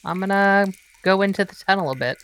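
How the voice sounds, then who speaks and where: A woman's voice: medium pitch, fairly quick, a bit bright, clean tone. A woman narrates her character's actions in a tabletop game. She hesitates, leaning on fillers as she talks. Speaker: player. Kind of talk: casual tabletop play.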